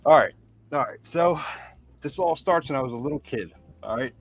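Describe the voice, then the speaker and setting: A man's voice: a little high, expressive, normal speed, vocal fry, breathy edge, highs cut off. A man, a guest, telling his own story, a bit nervous and swearing as he goes.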